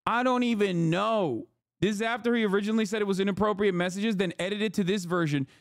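A man's voice: high voice, quick pace, dry recording, clean studio sound. A man in his thirties, a streamer, ranting with heavy profanity and incredulous, mocking asides. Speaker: streamer and political commentator. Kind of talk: ranting live-stream commentary.

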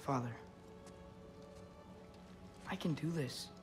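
An actor voices an earnest teenage boy hero in a video game. He speaks slowly in a slightly raised voice. Game music sits clearly behind him. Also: mid-range voice, close to an everyday voice. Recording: game audio over music.

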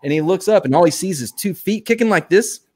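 Animated man telling an army story. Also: high voice, fast, breathy edge. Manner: animated storytelling, quotes people in voices, laughs often. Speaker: storyteller, former soldier. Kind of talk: casual chat on a live show.

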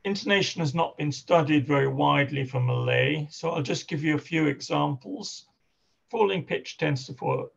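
A man's voice: medium pitch, vocal fry, husky, lo-fi sound. A man giving an academic seminar talk as a linguistics lecturer, speaking hesitantly with many fillers and restarts.

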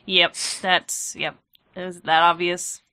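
Bright, chatty woman hosting a podcast. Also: fairly low pitch, level tone, slow pace. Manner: chatty and self-deprecating, trailing off quietly. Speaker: podcast host. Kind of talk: casual gaming podcast chat.

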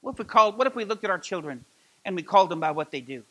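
A middle-aged man preaching a sermon as pastor of a church, impassioned and building to loud emphatic peaks. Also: high voice, expressive, rapid-fire, a little hiss or hum. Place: church sanctuary.

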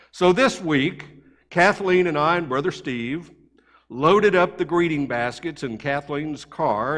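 Storytelling pastor, higher voice, church echo. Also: male voice. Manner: conversational, animated anecdotes. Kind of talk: sermon storytelling. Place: church sanctuary.

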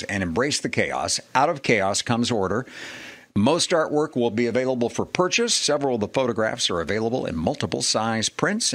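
A man's voice: lowish voice, fairly bright tone. A man co-hosting a local show in a chatty, folksy way, reading event listings, ads and the weather forecast. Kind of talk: casual local broadcast.

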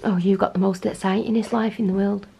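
A woman's voice: medium pitch, flat delivery, fast, creaky. A woman with a Manchester accent chatting casually to the camera in a vlog, rambling and laughing often. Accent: Mancunian. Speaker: vlogger. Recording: loud background noise.

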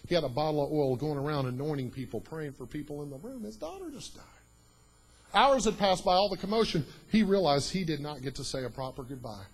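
A man preaching a sermon in a church, telling a story that swings from hushed, quiet lines to loud, emphatic preaching. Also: a little high, animated, a little fast, breathy edge, low-quality recording.

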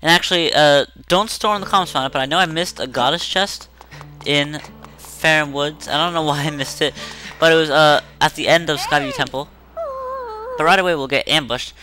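A man hosts a let's play with rambling, joking commentary over gameplay. His voice is bright and a little high. He talks into a desk microphone with faint game music underneath. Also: fairly quick, poor audio.

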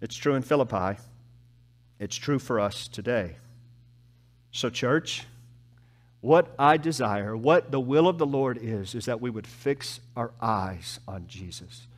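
A preacher swinging between loud and hushed. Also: male voice, mid-range voice, animated. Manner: preaching with wide swings from emphatic rises to soft, slow drops. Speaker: pastor. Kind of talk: sermon. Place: church.

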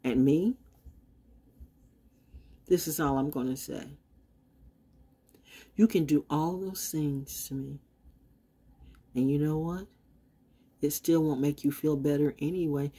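A woman in her sixties giving a defiant, rambling monologue, swinging from loud outbursts to low mutters. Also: takes it slowly, long pauses, slightly rough. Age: 60s. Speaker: vlogger. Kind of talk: unscripted monologue.

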